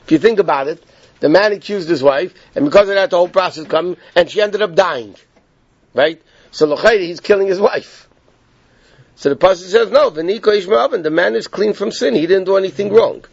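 A man's voice: high-pitched, a little fast, creaky, dry recording. A man teaching a Torah class, explaining a text step by step and checking in with his students. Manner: explanatory, repeats points and checks in with "okay?". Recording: dull, lo-fi and dry.

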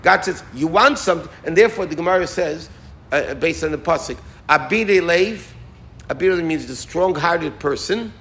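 A man giving an informal Torah talk as a rabbi, animated and folksy, sprinkling in Yiddish and Hebrew terms. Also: fairly high pitch, normal speed.

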